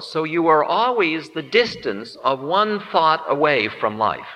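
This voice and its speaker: A man's voice: a little high, big pitch swings, unhurried, bright, forceful tone, in a large hall, lo-fi sound. A man giving a spiritual lecture with playful, self-mocking humor, acting out voices as he tells stories. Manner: acts out quoted voices. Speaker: spiritual teacher.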